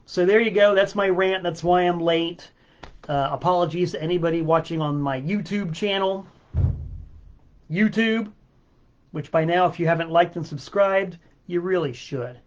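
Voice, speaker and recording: A man's voice: high-pitched, normal speed, lo-fi sound. A man hosting his own music livestream from a home studio, ranting with exasperated, sarcastic swearing. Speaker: host of a music livestream show. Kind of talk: livestream rant. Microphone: webcam mic.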